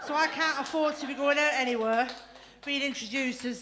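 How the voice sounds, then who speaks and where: Woman comic, bawdy and brash, higher voice, faint hiss, stage mic in a club. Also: brisk. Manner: bawdy, brash, swears freely, laughs through lines. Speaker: stand-up comedian. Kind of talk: stand-up comedy set.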